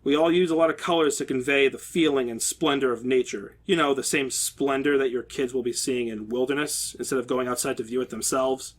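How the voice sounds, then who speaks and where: A man's voice: mid-range voice, fairly even intonation, a little fast, few pauses, lightly acted. A man reading a story aloud as an irritated male game executive who lectures parents in a condescending, sarcastic way, with a slightly shaky voice. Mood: exasperated, condescending.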